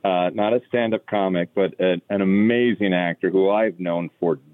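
A middle-aged man with a very deep voice chats eagerly and jumps in with his own points. His line is dry and thin, like a phone call. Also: steady tone, normal speed, dry recording. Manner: chatty, interjecting, enthusiastic introductions. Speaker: podcast co-host. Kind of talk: casual podcast chat.

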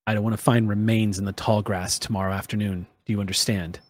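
A man's voice: on the low side, level tone, fast talker, voice pushed down, lightly acted. A man doing a stern woman camp leader. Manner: stern, profane, commanding.

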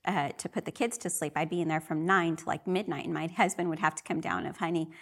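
A woman's voice: low voice, fairly even intonation, fast talker, fairly bright tone, slightly rough. A middle-aged woman sharing her personal faith testimony in an earnest, emotional way. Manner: earnest and emotional, often re-voicing her own prayers.

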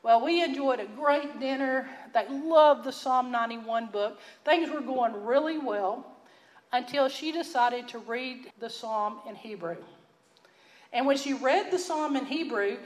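Folksy Texan woman preaching, higher voice. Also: unhurried, echoey room, poor audio. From Texas. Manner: folksy, earnest, dropping to a hush for emphasis. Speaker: Bible teacher. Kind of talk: sermon storytelling.

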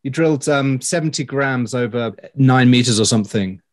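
A man's voice: medium pitch, moderate pace. A man interviewing, asking technical questions in a casual, inquisitive way with loose hedging. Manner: inquisitive, casual, hedges with "kind of".

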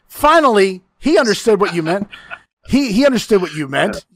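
A man's voice: high voice, sing-song, normal speed, fairly bright tone, dry recording. A man hosting a casual chat, telling a long profane story, often laughing and acting out the lines he quotes.

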